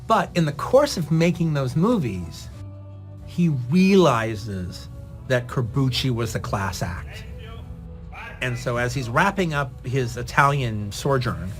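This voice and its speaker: A man recounting a film-industry anecdote in an interview, his voice swinging widely in pitch as he tells it. His delivery is lively and conversational, mid-pitched for a man. Soft music runs faintly in the background. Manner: lively, acts out dialogue in the retelling. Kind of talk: animated anecdotal storytelling.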